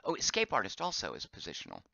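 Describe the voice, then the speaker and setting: A man streaming a game live, chatting as he plays, reading viewer comments aloud and thinking out loud, his voice getting hoarse. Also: mid-range voice, wildly swooping pitch, fast, highs cut off. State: voice going hoarse.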